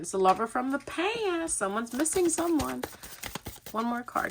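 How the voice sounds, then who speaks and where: A woman's voice: on the high side, big pitch swings, normal speed, very noisy. A young adult woman chatting her way through a casual tarot reading, rambling and laughing often. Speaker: tarot reader.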